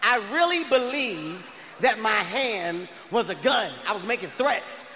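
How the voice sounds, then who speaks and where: Excitable male stand-up comic; high voice, live-venue reverb. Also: unhurried. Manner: loud, excitable storytelling. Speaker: stand-up comedian. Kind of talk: stand-up comedy. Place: large live comedy venue. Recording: live venue with long reverb and faint crowd noise.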